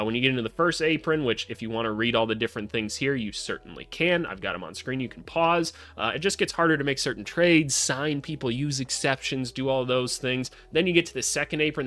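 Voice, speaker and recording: Young man, basketball vlog host, casual commentary, blunt, sarcastic, swears, mid-pitched voice. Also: fairly bright tone. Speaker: basketball analyst, channel host.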